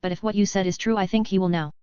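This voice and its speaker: A woman voicing a tired, guarded young male wizard professor in an audiobook, speaking softly. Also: mid-range voice, steady tone, rapid-fire, clear, resonant tone, no echo, lightly acted. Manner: guarded, tired and soft-spoken. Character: weary, gentle male wizard professor, young but ailing. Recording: dull, muffled audio.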